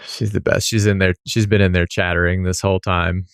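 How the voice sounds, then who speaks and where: Man, podcast host, very low voice, dry close mic, joking banter. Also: level tone, brisk, clean tone, no echo. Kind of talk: casual podcast chat.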